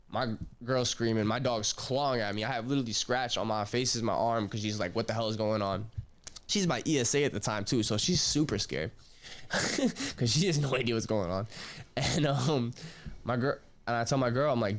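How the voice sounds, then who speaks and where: A young man hosting a podcast, telling a personal story in a loose, slangy way, swearing, trailing off and restarting. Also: mid-range voice. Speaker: podcast host.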